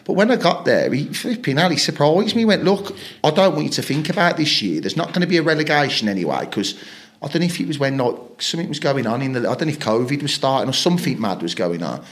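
A man's voice: on the high side, very animated, fast. A man, a football player telling rambling stories in a casual interview, swearing freely and acting out what people said. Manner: rambling anecdotes, frequent swearing, acts out quoted lines. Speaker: podcast guest, footballer.

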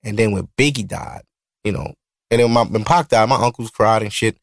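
A man in his thirties with a Brooklyn accent hosts his own podcast and talks in a loose, rambling, profane way. His voice sits in a middle pitch with a gravelly edge. The sound is dry and close, with no room around it. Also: a little fast, no room sound. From Brooklyn, New York. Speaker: podcast host. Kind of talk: casual solo podcast talk. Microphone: studio mic.

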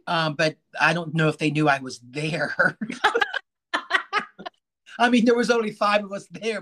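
A man's voice: fairly high pitch, fairly even intonation, a little slow, pauses often, bright, forceful tone. A man hosting an interview podcast, chatty and joking with his guest. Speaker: podcast host. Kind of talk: casual interview chat.

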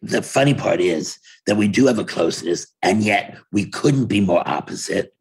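A man's voice: fairly low pitch, lively intonation, normal speed, husky, low-quality recording. An older man with a New York accent, telling wry, rambling stories in casual conversation over a video call from his home office. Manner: rambling, self-interrupting, wry. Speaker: interview guest, playwright and actor. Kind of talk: casual storytelling.

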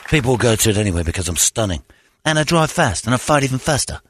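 Man impersonating an action star, fast, lively pitch, boastful, taunting. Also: slightly rough. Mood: cocky. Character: cocky, vain male action star.

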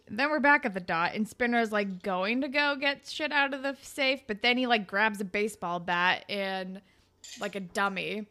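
A young woman co-hosting a casual chat, recapping a show in an animated way, swearing and acting out characters' lines. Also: mid-range voice, normal speed. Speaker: podcast co-host.

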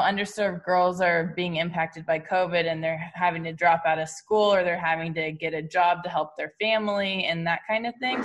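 A woman hosting an interview, asking long, earnest questions. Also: lowish voice. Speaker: host.

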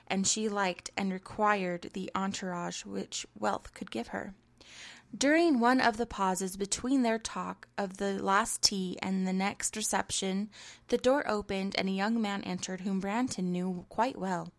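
A woman narrating a short story in a measured, even reading. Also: medium pitch. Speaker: audiobook narrator.

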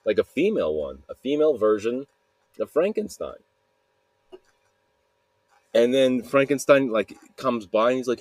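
A man's voice: medium pitch, sing-song, a little slow, pauses often, a little mellow, dry recording. A man hosting a podcast, retelling a story in a loose, rambling way, full of restarts and fillers. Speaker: podcast host.

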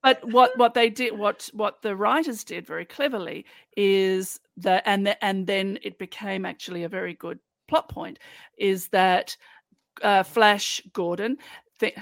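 Australian woman, gravelly podcast chatter. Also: mid-range voice, a little slow, no room sound. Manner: animated, quoting lines in scenes. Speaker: podcast co-host. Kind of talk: casual chat.

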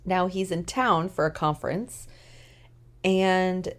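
A woman co-hosting a podcast, recapping a TV episode in a casual, animated way with emphatic opinions; she is tired. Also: on the low side. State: tired, yawning. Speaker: podcast co-host.

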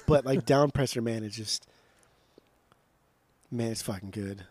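A man's voice: medium pitch, brisk, darkish tone, slight background noise. A man co-hosting a podcast in casual chat, enthusiastic and stammering, with frequent repeated starts. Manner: enthusiastic, stammering restarts, swears. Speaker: podcast co-host.

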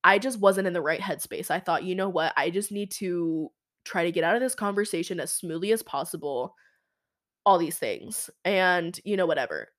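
A woman's voice: lowish voice, normal speed, a bit bright. A young adult woman hosting a podcast, telling a personal story in a chatty way full of "like" and quoted dialogue. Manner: chatty, fillers of "like", quoting herself and others. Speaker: podcast host. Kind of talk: casual storytelling monologue.

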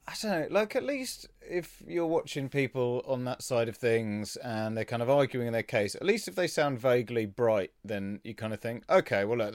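An easygoing man chatting on a comedy podcast, laughing along and dropping sweary asides. His pitch moves around a lot at a middle level, in a dry, close recording. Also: no echo. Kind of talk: casual comedic chat.

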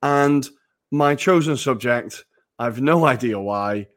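A man's voice: mid-range voice, takes it slowly. A man co-hosting a casual football podcast, laughing often, swearing casually and poking fun at himself. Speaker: podcast co-host.

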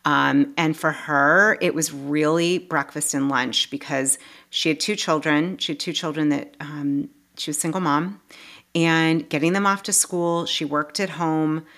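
Low-voiced, earnest woman life coach. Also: measured pace. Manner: animated, with many restarts and asides; earnest and heartfelt. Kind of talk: casual podcast conversation.

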